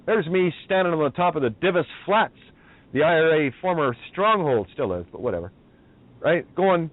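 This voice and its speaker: This Northern Irish radio host has a fairly high, very animated voice and a brisk pace as he rants, swearing and picking fights on air. The sound is dry with no room tone, thin like a phone-line feed.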